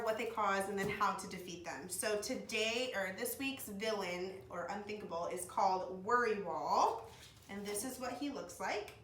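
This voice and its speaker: Young woman vlogging, super gushy and excited, bright voice, kinda echoey room, a bit far from the mic. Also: mid-range voice. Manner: gushing, excited, lots of "like" and "oh my gosh". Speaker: vlogger, speech-language pathology assistant. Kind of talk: casual chat to camera. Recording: echoey room, mic at a distance, faint noise.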